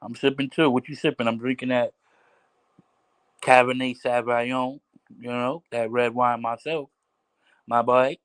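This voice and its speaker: Man, livestream host, unhurried drawn-out speech, repeats phrases, casual chat. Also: mid-range voice, level tone, clear, resonant tone, low-quality recording. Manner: slow, repetitive, drawn-out talk with many restarts.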